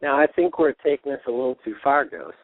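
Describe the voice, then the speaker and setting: A man's voice: medium pitch, big pitch swings, quick pace. Male caller on a tinny phone line. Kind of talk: call-in talk radio.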